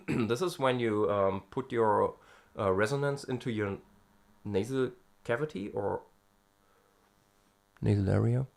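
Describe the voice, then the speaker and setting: This man from Europe, a vocal student vlogger, speaks in a fairly low, gravelly and slightly mellow voice, taking his time and leaving long pauses. He talks hesitantly about vocal technique in a casual singing-lesson vlog, filling gaps with fillers and breaking into short sound demos.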